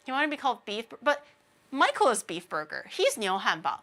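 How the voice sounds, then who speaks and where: A woman streamer in loose, casual stream chat, with a bright, forceful voice set a little high. She tells animated stories, laughs often and slips into impressions of the people she talks about. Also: fairly quick. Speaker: VTuber streamer.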